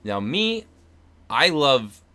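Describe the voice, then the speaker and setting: A young man with a bright, forward voice tells stories as a guest on a podcast. He rambles, doubles back on his own words and often breaks into laughter. His pitch sits in the middle for a man. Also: big pitch swings, extremely slow. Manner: rambling, laughing, self-interrupting storyteller. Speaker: actor and guest. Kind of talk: casual podcast chat.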